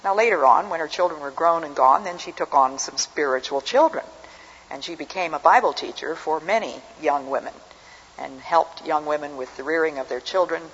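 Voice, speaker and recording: Older woman, husky, earnest storyteller. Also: low voice, a little fast. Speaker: speaker. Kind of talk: personal testimony talk. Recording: dull recording with long hall reverb.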